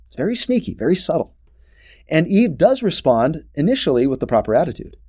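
Man teaching scripture, lively and expressive. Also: mid-range voice, husky. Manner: expressive, asks rhetorical questions. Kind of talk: scripture lesson.

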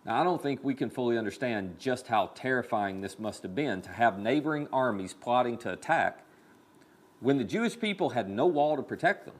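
Animated preacher man with a lively voice. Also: mid-range voice, brisk. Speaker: pastor. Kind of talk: sermon.

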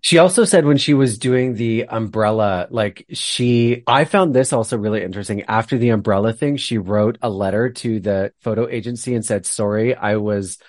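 A man co-hosting a podcast, discussing a book in a thoughtful, hesitant way with frequent pauses. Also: medium pitch, no room sound, clean studio sound. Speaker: podcast co-host.

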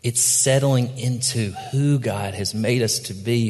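A pastor delivers a sermon in a low, unhurried voice. His tone is gentle and reflective as he tells stories to the congregation. The sound rings out with the long reverb of a church hall. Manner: storytelling with acted quotes, reflective and gentle.

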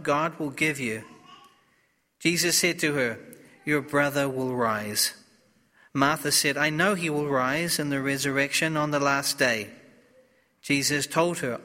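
A male priest reading the Gospel and preaching in a slow, solemn, deliberate way. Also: on the high side, sharp tone, in a large hall.

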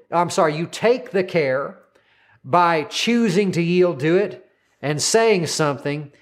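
Pastor, male, 30s, high voice, earnest repetitive preaching delivery. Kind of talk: sermon.

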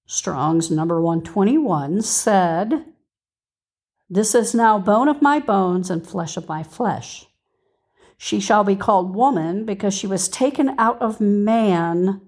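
A woman's voice: medium pitch, darkish tone. A woman hosting a podcast and teaching scripture in an earnest way, reading verses aloud and stopping to give reference numbers.

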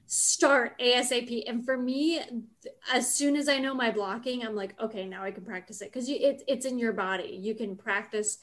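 High-voiced female co-host, chatty and animated, casual advice-giving. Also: moderate pace. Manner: animated, chatty, uses "like" often. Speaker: podcast co-host. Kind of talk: casual podcast chat.

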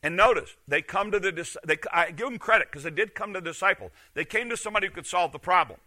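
A middle-aged man, a pastor, preaching a sermon with emphatic rhetorical questions that swing from loud to hushed. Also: high voice, fast.

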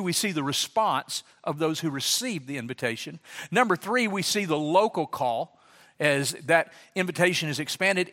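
A middle-aged man preaching a sermon, telling a story and acting out the voices in it. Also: fairly high pitch. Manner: animated, acts out voices in anecdotes. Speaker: pastor. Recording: long hall reverb.

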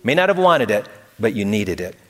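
A man's voice: lowish voice, very animated, moderate pace, a bit bright. A man preaching a sermon as pastor, earnest and building to emphatic peaks, with touches of humor. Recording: long hall reverb.

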